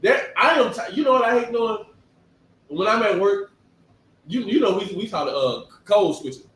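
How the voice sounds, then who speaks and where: A man giving a conversational sermon, talking in an animated, emphatic way and firing off rhetorical questions. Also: sits high, normal speed. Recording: echoey room, distant mic.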